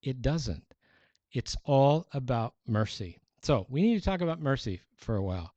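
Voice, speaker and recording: A male pastor preaching a sermon in an animated, conversational way with playful exaggeration. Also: mid-range voice, normal speed, no echo. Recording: dull, dry sound.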